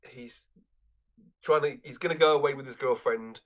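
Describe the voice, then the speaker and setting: A man co-hosting a film podcast, speaking at a middle pitch. He recalls scenes haltingly, often repeating words before he finds them. Small chuckles break up his casual chat. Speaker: podcast co-host.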